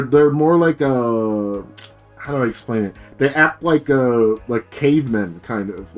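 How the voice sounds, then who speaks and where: A man's voice: medium pitch, lively intonation, unhurried, faint music behind. A man streaming as a VTuber, rambling in a casual rant full of fillers and swearing.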